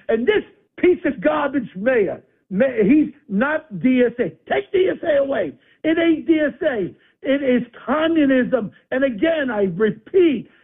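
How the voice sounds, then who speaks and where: A man ranting angrily and hurling insults as a caller on a talk radio show. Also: very high-pitched. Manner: combative, insulting, blustering. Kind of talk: angry political rant. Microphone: phone. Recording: tinny phone line.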